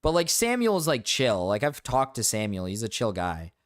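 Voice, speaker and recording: A man's voice: mid-range voice, huge pitch swings, moderate pace. A man streaming live, chatting casually in a rambling, blunt way, full of fillers and swearing. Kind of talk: casual livestream chat.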